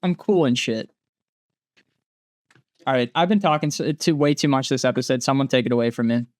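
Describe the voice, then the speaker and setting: A man's voice: medium pitch, rapid-fire, no echo, clean studio sound. A young man co-hosting a casual movie podcast, rambling and often breaking into laughter. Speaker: podcast co-host. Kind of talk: casual movie review chat.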